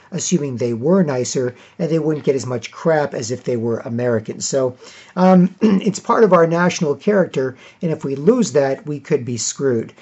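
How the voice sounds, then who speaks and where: A Canadian man rambling in a casual monologue to camera, often clearing his throat and repeating himself. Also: medium pitch, a little mellow, dull audio. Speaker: video blogger.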